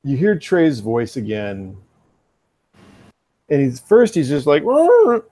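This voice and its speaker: Man, game master, mellow voice, dry, teasing. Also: mid-range voice, sing-song, slow. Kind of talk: narrating a tabletop game.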